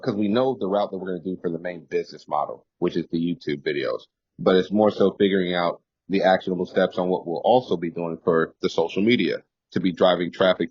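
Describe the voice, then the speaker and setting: Deep husky man on a call. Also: no room sound. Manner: agreeable, upbeat, thinks aloud with fillers. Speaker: business partner. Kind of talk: casual planning chat. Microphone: video call. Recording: dry, dull call audio.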